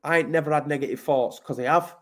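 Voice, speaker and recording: Brief: English man, Manchester, slightly high voice, blunt, emphatic, sweary, casual podcast guest. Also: fairly even intonation, fast talker. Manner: blunt, sweary, emphatic, keeps saying mate. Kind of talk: casual conversational interview.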